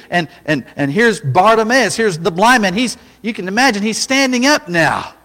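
A man preaching a sermon, dramatic, rising to loud cries when he acts out a scene. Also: high voice, lively intonation, moderate pace, few pauses, big-room sound.

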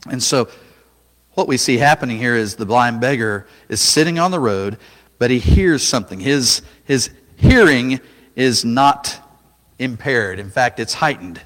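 A man preaching a sermon, dramatic, rising to loud cries when he acts out a scene. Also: mid-range voice, lively intonation, unhurried, in a large hall.

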